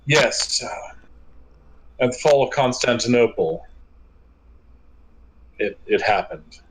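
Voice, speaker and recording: A man voicing an ancient male vampire elder who talks in a hushed, shaken and hesitant way. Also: mid-range voice, lively intonation, slow, pitched below the performer's own voice, rough recording.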